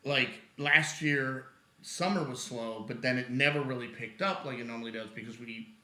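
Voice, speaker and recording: A man's voice: medium pitch, moderate pace, sharp tone, reverberant, poor audio. A man talking loosely as a podcast guest, rambling and laughing often. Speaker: guest film producer. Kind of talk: casual podcast chat.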